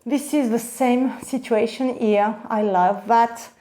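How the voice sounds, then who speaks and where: A woman's voice: on the high side, steady tone, slow, dark tone. A woman, gushing and gasping with delight as she unboxes bags in a casual vlog. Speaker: vlogger.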